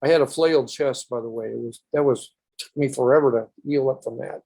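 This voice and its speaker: A man's voice: medium pitch, brisk, creaky, dark tone. An older man, a podcast guest, recounting a personal story earnestly in a rambling way with restarts.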